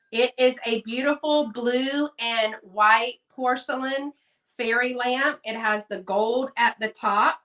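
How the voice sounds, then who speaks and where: A chatty Texas woman runs a live sale stream, reading bids out loud and saying "y'all" in casual chatter. Her voice is on the high side with a sharp tone, and she sounds far from the mic.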